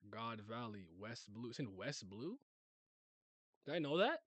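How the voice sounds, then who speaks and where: A man's voice: medium pitch, big pitch swings, a little slow, a bit bright, dry recording. A young man casually reacting to a manga chapter, joking, rambling and swearing as he reads.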